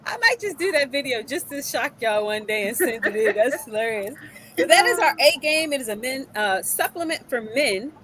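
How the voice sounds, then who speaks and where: Brief: woman co-host, lively and open, quick to laugh, slightly high voice. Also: rough recording. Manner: animated, laughs often, emotional. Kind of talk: casual talk show chat.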